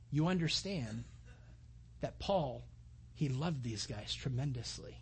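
A man preaching a sermon, retelling a scripture story in a lively way and acting out the dialogue. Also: a little high, husky. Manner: animated, acts out the story's dialogue. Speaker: pastor.

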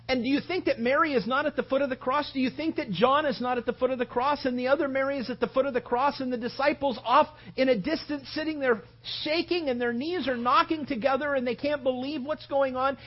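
A preacher delivering an impassioned sermon full of rhetorical questions, swinging from loud appeals to hushed reflection. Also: high voice, fairly even intonation, a little fast, hardly any pauses, highs cut off.

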